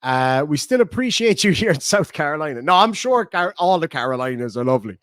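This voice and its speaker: A man's voice: a little high, big pitch swings, a little fast, a bit bright, no echo, studio quality. A middle-aged Irish man hosting a livestream, casually rambling and joking as he reads out viewer comments. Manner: rambling, jokey, chatty. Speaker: livestream host. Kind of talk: casual chat reading live comments.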